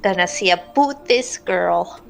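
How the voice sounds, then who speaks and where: A woman playing a tabletop game, speaking slowly and with some hesitation. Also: lowish voice, animated, vocal fry, rough recording. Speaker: player.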